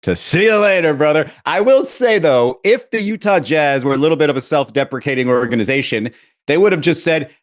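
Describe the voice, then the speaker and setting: A man's voice: on the high side, expressive, a little fast. Wry man co-hosting a sports podcast. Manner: wry, joking. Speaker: podcast co-host. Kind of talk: casual sports chat.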